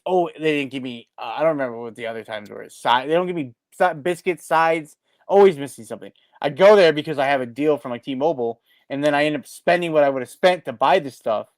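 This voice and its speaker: A man co-hosts a casual podcast, telling a long story in an animated, rambling way and tripping over his own restarts. His voice sits a touch high. The sound is dry and close to the mic. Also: dry recording. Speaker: podcast co-host. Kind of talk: casual chat.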